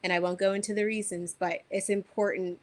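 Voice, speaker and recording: A woman giving an unscripted spiritual astrology talk, earnest and reflective, pausing often with soft fillers. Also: mid-range voice, little pitch movement. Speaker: wellness teacher giving an astrology forecast.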